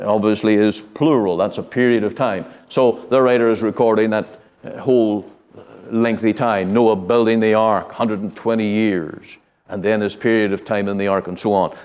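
A middle-aged man from the United Kingdom teaching a Bible study, speaking in an earnest, measured way with frequent pauses and fillers. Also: lowish voice, a little mellow.

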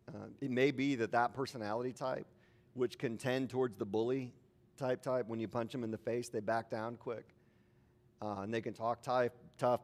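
A man preaching a sermon as a pastor, in an informal, conversational way with asides to the congregation. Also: mid-range voice.

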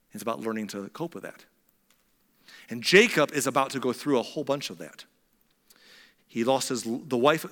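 A man preaching a sermon in a conversational way, dropping to a quiet, intense tone on serious points. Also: mid-range voice, long reverb tail. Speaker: pastor.

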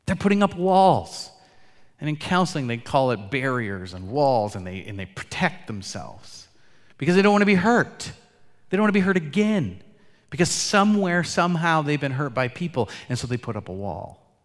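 A man preaching a sermon as pastor, earnest, swinging between loud emphatic lines and quiet, soft asides. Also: on the high side, very animated, moderate pace. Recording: long hall reverb.

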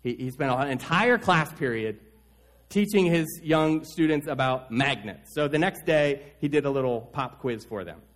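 A man preaching a Sunday sermon as pastor, telling stories with wide swings in pitch and loudness. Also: lively intonation, normal speed.

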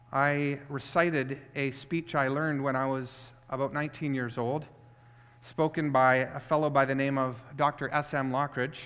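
A pastor giving an impassioned, repetitive sermon, recorded muffled in an echoey hall. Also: male voice, on the high side, fairly bright tone, clean tone.

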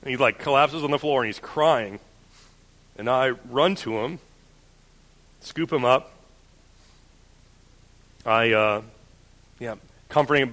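A young man preaching a sermon, moving from a personal story told in a quiet conversational voice to forceful preaching. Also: mid-range voice, slow pace, pauses often. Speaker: pastor. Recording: church hall reverb.

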